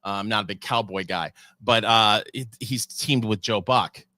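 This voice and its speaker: Man, bright tone, dry close sound, wry humor, casual football chat. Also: on the low side, normal speed, no room sound. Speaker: co-host.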